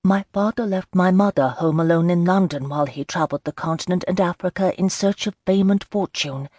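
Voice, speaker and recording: A woman narrator plays an earnest young Regency bride with a fairly low, even voice. She speaks frankly and a little defensively. The audiobook sound is dry and close. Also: a little fast, no room sound, natural voice. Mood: uncertain. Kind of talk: audiobook character voice.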